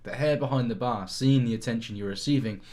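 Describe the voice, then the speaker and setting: A man's voice: medium pitch, fast, darkish tone. A man reading an interactive story aloud on a live stream, acting out the lines and breaking into laughter.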